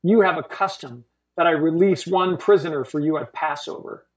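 Reader as a stern Roman governor, church Passion reading, deliberate questioning, distant mic in a roomy hall. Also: medium pitch, natural voice. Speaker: scripture reader. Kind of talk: dramatic scripture reading.

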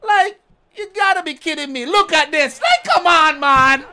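A man's voice: extremely high pitch, lively intonation, normal speed, pushed and bright. A man ranting in frustration while commentating his own gameplay as a streamer. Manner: exasperated ranting, keeps adding "man". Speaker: gaming streamer.

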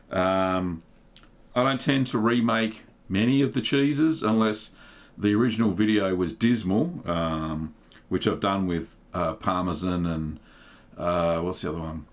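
A middle-aged man, hosting a casual livestream in a relaxed, chatty way, with plenty of ums and uhs. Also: fairly low pitch, vocal fry. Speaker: livestream host.

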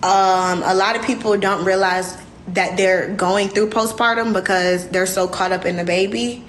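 A woman's voice: medium pitch, slight background noise. A young woman, hosting a casual livestream and speaking candidly and emotionally to her viewers. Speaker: livestream host.

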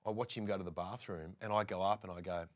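This deep-voiced Australian man talks at a quick pace as a guest, though he's a presenter himself. He tells casual anecdotes in a lively way, performing the lines of others.

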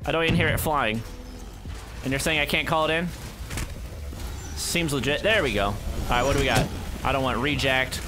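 A young man giving live gameplay commentary, muttering one moment and yelling in frustration the next, with game gunfire and music underneath. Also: mid-range voice, moderate pace, long pauses. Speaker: gaming YouTuber. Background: game gunfire and instrumental music.

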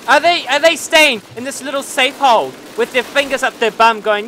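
A man giving let's-play commentary on a war game, excitable and ranting, swearing at the game. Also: very high voice, moderate pace, hardly any pauses, slight background noise. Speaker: gaming channel host.

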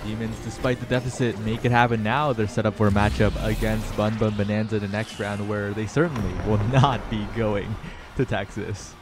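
A man's voice: lowish voice, moderate pace, over music. Man calling esports play-by-play. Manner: energetic, rising with the action. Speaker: esports caster. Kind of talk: live play-by-play commentary.

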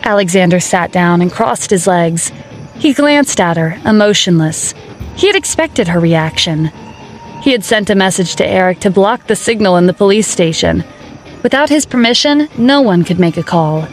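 A woman reading a dramatic story aloud as narrator, in a steady storytelling manner. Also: mid-range voice, moderate pace, faint music behind. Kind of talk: scripted narration.

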